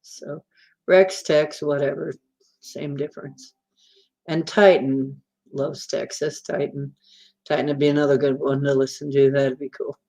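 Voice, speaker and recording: A woman's voice: low-pitched, fairly even intonation, a little slow, mellow. A woman hosting a casual livestream, chatting in a rambling, teasing way and laughing easily. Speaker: livestream host.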